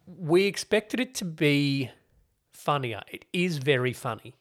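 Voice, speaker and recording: A man with a fairly high, expressive voice speaks a little slowly as he co-hosts a casual podcast. In this laid-back TV review chat, he explains a show at length, adding wry asides.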